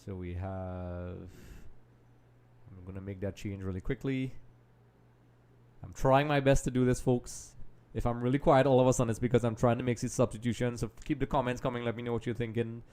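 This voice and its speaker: A man hosting a live football watch-along, chatting straight to viewers and often dropping into quiet mutters while he multitasks. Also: mid-range voice, steady tone, fairly quick. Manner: distracted, multitasking while commenting; trails off into quiet mutters and restarts. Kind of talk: casual live match commentary.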